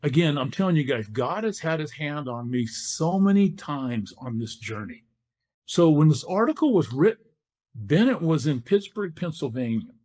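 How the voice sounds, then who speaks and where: Older man, lively storyteller, higher voice, acts out quotes. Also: normal speed. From California. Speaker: guest, former football player. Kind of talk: storytelling in a podcast interview.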